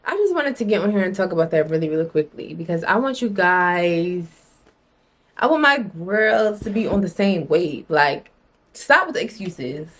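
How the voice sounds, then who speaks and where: A woman's voice: lowish voice, big pitch swings, moderate pace, a bit bright. A young adult woman talking to camera in a casual motivational vlog, blunt and emphatic, swearing freely and repeating phrases for emphasis. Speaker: vlogger.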